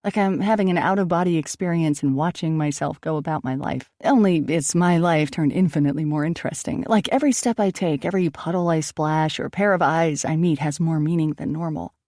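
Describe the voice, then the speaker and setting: Woman narrator, steady and reflective, slight gravel, recorded dry and close. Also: low-pitched, fairly quick, few pauses, no room sound. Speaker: audiobook narrator. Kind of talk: first-person audiobook narration.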